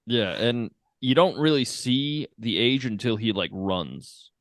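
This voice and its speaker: A man's voice: medium pitch, takes it slowly, no echo, studio quality. A man co-hosting a podcast in a casual film discussion, laid-back, often laughing and acting out his reactions. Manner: relaxed, laughs often, acts out reactions in quotes. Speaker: podcast co-host. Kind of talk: casual movie chat.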